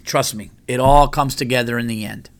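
Profane, animated storytelling man. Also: medium pitch, normal speed. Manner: profane, animated retelling with exasperated quoted asides. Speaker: podcast host. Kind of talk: casual storytelling.

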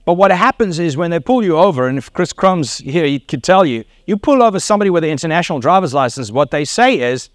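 Brief: South African man in his middle years, sermon storyteller, slightly high voice, dry close sound. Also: expressive, fast, hardly any pauses, no echo. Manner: storytelling with laughs and acted quotes. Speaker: pastor.

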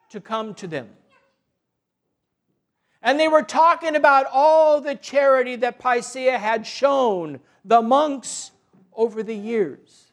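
A man tells a religious tale in a gentle, deliberate voice. His pitch sits unusually high for a man, and he moves through the story very slowly.

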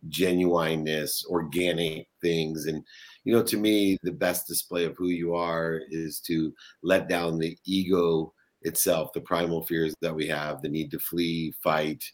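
A man's voice: deep voice, little pitch movement, a little slow. A man as an interview guest, talking earnestly and emphatically in a motivational way. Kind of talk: motivational conversation.

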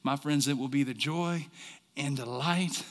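A man preaching a sermon as a pastor, swinging from quiet talk to shouts and asking the congregation questions. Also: mid-range voice, a little slow, long reverb tail. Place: church service.

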